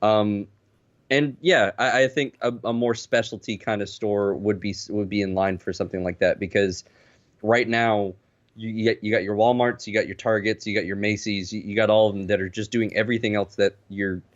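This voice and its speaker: Male podcast guest, lowish voice, halting and repetitive, dull lo-fi sound. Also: steady tone. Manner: hesitant, repeats words. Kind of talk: casual podcast chat. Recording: muffled lo-fi sound.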